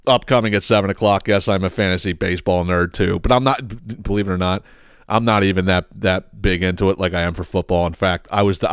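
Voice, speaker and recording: A man's voice: deep voice, smooth, no echo, clean studio sound. A man hosting a podcast, ranting heatedly with plenty of profanity. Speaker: podcast host.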